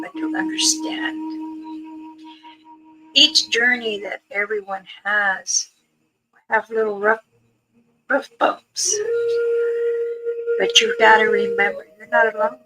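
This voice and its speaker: An older woman talking casually with viewers on a live stream, in a gentle, wandering way, with soft words that trail off. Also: on the high side, expressive, takes it slowly, long pauses, rough recording. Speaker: livestream host answering viewers. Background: music playing in the background.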